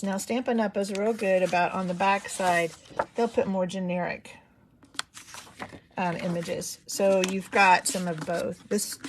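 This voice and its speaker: Woman, live craft demo host, rambling and chatty, lingering cough from a cold, mid-pitched voice. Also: a little hiss or hum. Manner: chatty, rambling, many ums. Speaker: papercraft demonstrator.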